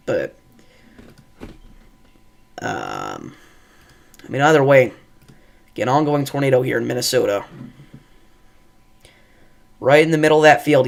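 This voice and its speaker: A creaky, gravelly mid-range voice belongs to a livestream weather host giving live commentary on severe storms. Tornado footage gets him excited, he chats loosely with lots of fillers, and he repeatedly interrupts himself to tell viewers to find shelter.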